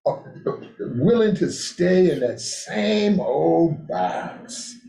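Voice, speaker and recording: A man with a fairly high yet mellow voice leads a men's group, telling lively stories and pulling call-and-response from the room. The sound is echoey, as in a meeting room. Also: drawn-out words, gravelly. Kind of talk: motivational group talk.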